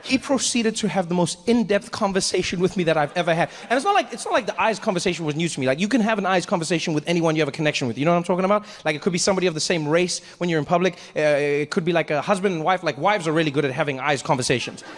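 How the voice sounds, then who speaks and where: A man doing stand-up comedy on a live stage, telling a story in an animated way and acting out people's voices. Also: high-pitched, rapid-fire, hardly any pauses, in a large hall.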